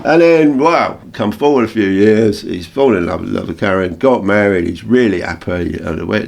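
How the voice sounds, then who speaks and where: A man with an English accent, co-hosting a radio show and telling anecdotes in a casual, animated way with frequent laughs. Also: sits low, vocal fry. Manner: storytelling, animated, laughs often. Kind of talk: casual reminiscing chat.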